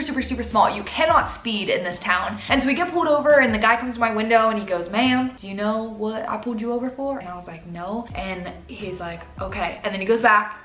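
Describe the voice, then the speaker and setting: A woman in her twenties answering viewer questions in a chatty, animated way. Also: medium pitch, reverberant. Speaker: YouTuber. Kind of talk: casual Q&A chat.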